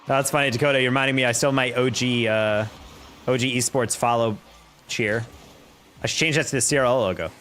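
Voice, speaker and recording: Young guy casting rocket league style plays live, fast play by play that spikes up when stuff happens, chats with viewers, mid voice. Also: mid-range voice. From New York. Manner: rapid play-by-play that jumps up in excitement, chatting with viewers between plays. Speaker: esports caster. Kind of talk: live-streamed play-by-play commentary with chat.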